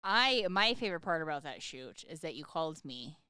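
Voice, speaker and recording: A woman's voice: sits low, sing-song, fairly quick, sharp tone, clean tone, no echo, studio quality. A woman co-hosting a casual chat, laughing often and chiming in with teasing quips. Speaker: podcast co-host.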